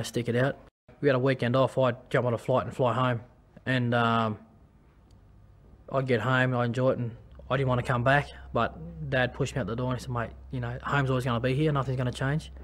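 Australian man, former league player, candid testimony. Halting, restarts, level tone. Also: mid-range voice. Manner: halting, many restarts and fillers. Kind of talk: personal testimony.

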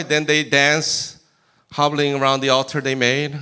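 A man preaching a sermon as pastor in a church, animated and acting out scripture in voices. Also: on the high side, moderate pace, clear, resonant tone. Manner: animated, acts out Bible quotes in character voices. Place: church sanctuary.

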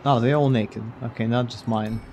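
A man's voice: mid-range voice, steady tone, normal speed, darkish tone, slight background noise. A man streaming a detective game, commenting casually in a wry, blunt way with casual swearing. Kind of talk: casual let's-play commentary.

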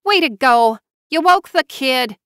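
A woman's voice: sits high, lively intonation, a little slow, fairly bright tone, no room sound, studio quality, voice pushed up. Woman putting on a twangy scornful young woman. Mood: angry. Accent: rural Southern US twang. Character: scornful frail young woman, rough and mocking.

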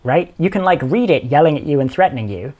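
A man hosting a casual podcast chat, explaining things in an animated way and quoting with dry amusement. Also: on the high side, fast. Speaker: podcast host.

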